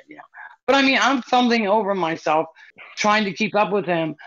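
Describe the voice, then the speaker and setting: A woman's voice: medium pitch, moderate pace, a bit bright. A woman co-hosting a casual podcast, telling a story with lots of fillers. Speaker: podcast co-host. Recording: dull lo-fi podcast recording.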